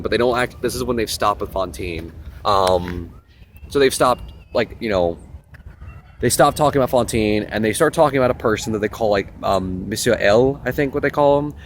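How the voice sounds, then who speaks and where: A young man hosting a casual vlog, retelling a novel in a rambling, animated way with lots of fillers and asides. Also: mid-range voice, moderate pace, a little hiss or hum. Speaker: host.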